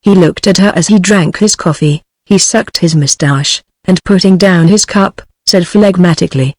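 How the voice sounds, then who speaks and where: A synthetic woman's voice with a British accent giving a text-to-speech narration of a story, in an even, flat delivery. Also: on the low side, moderate pace, hardly any pauses, no echo.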